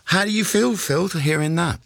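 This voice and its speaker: A man's voice: high voice, brisk, gravelly, fairly bright tone, no echo, studio quality. A man hosting a radio show, chatting and teasing his guests with frequent laughs. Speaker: radio host. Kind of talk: casual chat with callers.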